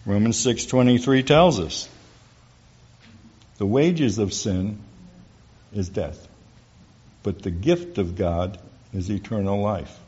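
A middle-aged man with a lowish voice tells his testimony to a church crowd in a folksy, storytelling way. He acts out the voices of the people he quotes. The recording sounds dull and lo-fi. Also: slow pace, long pauses, darkish tone, breathy edge. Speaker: church speaker giving a testimony. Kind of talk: testimony talk to a church audience.

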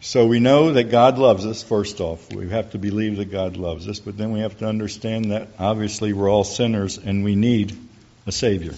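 In a dull lo-fi recording, a middle-aged church speaker tells a folksy testimony to an audience, voicing the people he quotes. He has a lowish, dark voice with fairly even intonation and a moderate pace.

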